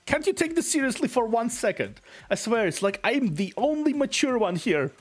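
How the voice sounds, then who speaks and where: A man's voice: extremely high pitch, sing-song, normal speed, faint music behind, voice pushed up, exaggerated voice. A man voicing a stern, exasperated schoolgirl who scolds her friends. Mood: scolding.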